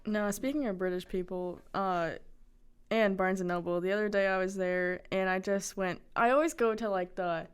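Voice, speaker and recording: Smooth-voiced teenage girl rambling. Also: medium pitch, steady tone, normal speed. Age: teens. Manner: rambling, chatty storytelling with fillers. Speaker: high school student. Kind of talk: casual chat.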